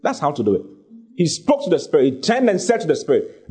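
Fervent husky preacher. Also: male voice, fairly high pitch, wildly swooping pitch, quick pace, warm tone. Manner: emphatic, repeats key phrases, rising to fervent exhortation. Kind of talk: sermon.

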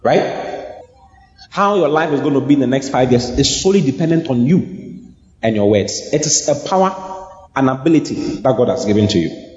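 A man's voice: medium pitch, expressive, moderate pace, pauses often, a little mellow. A man preaching a sermon emphatically, repeating lines and calling on the congregation to repeat after him. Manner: emphatic, repetitive call-and-response preaching. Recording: echoey hall, muffled audio.

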